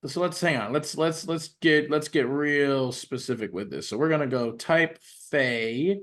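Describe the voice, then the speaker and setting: A male co-host in casual gaming chat, halting and repeating himself as he looks up rules. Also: medium pitch, a bit bright. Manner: halting, restarts and repeats while looking up rules.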